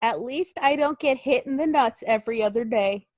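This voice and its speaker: High-voiced, mock-angry young woman. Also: moderate pace, no room sound. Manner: mock-angry, sarcastic, swearing. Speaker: podcast co-host. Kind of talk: casual chat.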